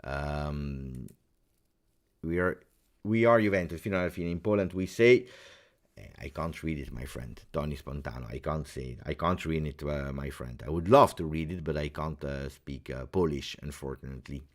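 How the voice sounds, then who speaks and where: A man's voice: very deep voice, moderate pace. A man hosting a fan live stream, ranting heatedly and repeating himself for emphasis. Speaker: fan channel host.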